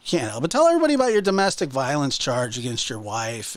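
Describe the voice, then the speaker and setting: A man's voice: medium pitch, wildly swooping pitch, fast talker, few pauses, no room sound. A man hosting his own channel, ranting casually in a mocking, exasperated way with many restarts. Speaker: channel host. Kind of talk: casual livestream rant.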